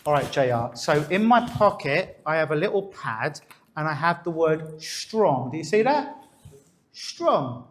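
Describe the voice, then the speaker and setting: A man's voice: on the high side, big pitch swings, unhurried, slight background noise. A man working as a stage hypnotist, coaxing and instructing a volunteer during a live demonstration on stage. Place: on a stage before an audience.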